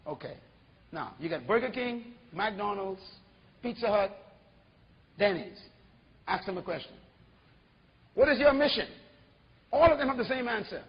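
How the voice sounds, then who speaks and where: A man preaching an animated sermon as pastor, full of rhetorical questions. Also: high voice, normal speed, pauses often, slightly rough, in a large hall, highs cut off.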